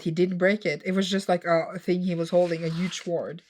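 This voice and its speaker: This woman mutters soft recaps of her manga, then bursts into squeals and gasps, all casually for a vlog. Her voice is lowish and fairly flat in pitch, a little fast with few pauses.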